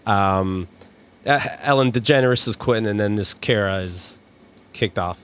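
A man's voice: fairly low pitch, measured pace, a bit bright, clear, resonant tone. A man co-hosting a casual chat, joking and swearing in mock outrage. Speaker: podcast co-host.

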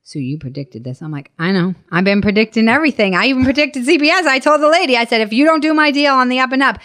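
A woman guest on a chat show, talking in a rapid, animated way, acting out quotes in her stories. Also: sits high. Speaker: comedian guest. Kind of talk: casual chat.

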